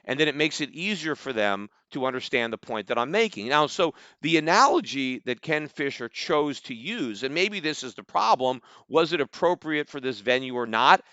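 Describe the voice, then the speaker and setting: A man's voice: medium pitch, lively intonation, moderate pace, hardly any pauses, sharp tone, clear, resonant tone, no room sound, dull audio. A middle-aged American man hosting a podcast, giving combative, sarcastic solo commentary and often asking "right?". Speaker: podcast host.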